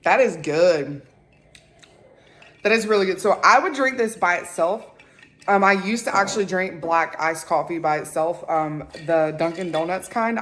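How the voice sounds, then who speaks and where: A young woman, chatting casually to camera, excitable and full of fillers. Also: fairly low pitch, slight background noise. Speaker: vlogger.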